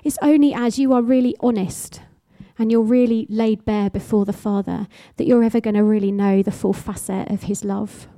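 A woman's voice: mid-range voice, fairly even intonation, moderate pace, warm tone, no room sound. A woman preaching a sermon with passionate, emphatic exhortation, driving her points home through repeated phrases.

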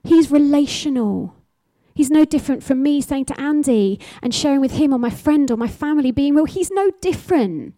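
Female preacher, sermon, warm and slightly high voice, passionate and emphatic with repeated phrases. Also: lively intonation, moderate pace, dry recording.

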